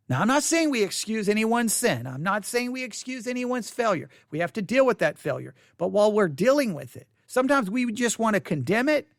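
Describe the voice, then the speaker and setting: High-voiced man teaching the Bible. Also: vocal fry, dry recording, clean studio sound. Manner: thinking aloud, with restarts and stammers. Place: seated at a desk.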